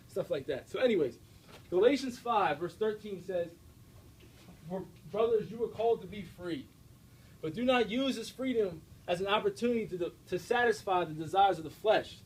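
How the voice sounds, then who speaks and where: Energetic high-voiced young man preaching. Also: a little hiss or hum, low-quality recording. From United States. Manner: energetic, direct, preachy, with frequent checks like "all right?". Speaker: speaker giving a faith talk. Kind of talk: live faith talk to a student audience. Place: university room before an audience.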